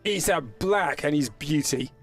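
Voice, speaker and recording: A man's voice: fairly high pitch, lively intonation, unhurried, soft background music. A man narrating as game master in a tabletop game, rambling and correcting himself as he goes. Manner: rambling, self-correcting narration with frequent restarts.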